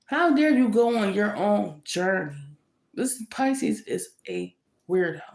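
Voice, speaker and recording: A woman's voice: medium pitch, darkish tone. A woman deals out a tarot reading in a fiery, confrontational rush, circling back on her points again and again. Her voice sits in an ordinary middle register. The sound carries a roomy echo. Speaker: tarot reader.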